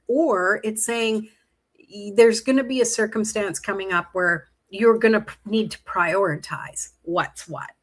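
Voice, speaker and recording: A middle-aged woman from Canada talks through a live tarot reading at a relaxed, slow pace. Her voice is bright and clear. She drifts easily between the cards and the viewers' comments, laughing often. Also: mid-range voice. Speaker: tarot livestream host. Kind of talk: casual live-stream chat while reading tarot cards.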